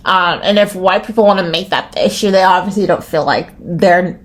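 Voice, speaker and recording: A woman's voice: lowish voice, brisk. American woman ranting on her own podcast, swears a lot, rambly, says like constantly. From United States. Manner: rambling, profane, restarts and many "like"s. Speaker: podcast host. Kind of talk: solo podcast rant.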